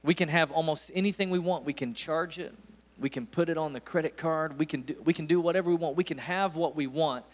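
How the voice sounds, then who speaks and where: A man's voice: on the high side, brisk, hardly any pauses. A man in his forties with an East Tennessee accent, preaching a sermon as a visiting pastor with folksy stories and emphatic bursts. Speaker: guest pastor.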